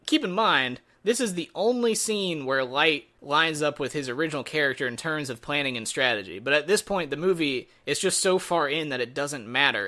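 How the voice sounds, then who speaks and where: Bright-voiced, sarcastic male movie reviewer. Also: a little high. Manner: sarcastic, exasperated. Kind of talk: casual spoken review.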